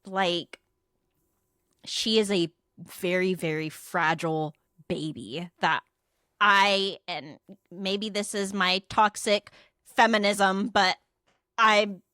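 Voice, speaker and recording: A young adult woman co-hosting a podcast, retelling a story in casual chat, animated and profane, acting out quoted dialogue. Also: medium pitch, slow, pauses often, smooth, no echo, clean studio sound. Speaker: podcast co-host.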